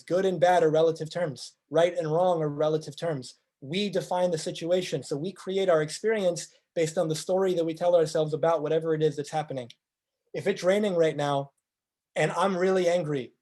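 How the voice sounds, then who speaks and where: A man giving a motivational presentation, speaking earnestly and piling up rhetorical questions. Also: fairly high pitch. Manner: earnest, acts out quoted speakers in lively voices.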